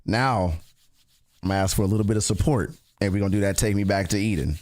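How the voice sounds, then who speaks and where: A man's voice: on the low side, fast talker. A man chatting casually on a livestream, reacting to music with slangy talk and frequent laughter. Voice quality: animated, laughs often, slangy.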